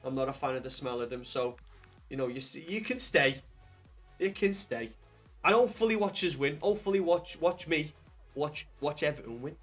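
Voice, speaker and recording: A young man chatting casually to viewers while streaming a football video game, rambling and swearing with excited bursts. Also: a little high, normal speed, faint music behind. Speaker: gaming livestreamer. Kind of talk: casual livestream chat with viewers.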